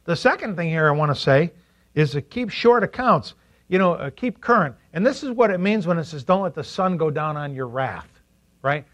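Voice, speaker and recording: A man preaching a sermon as pastor, animated, asking the congregation questions and acting out quotes in funny voices. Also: on the high side, normal speed. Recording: dull lo-fi recording.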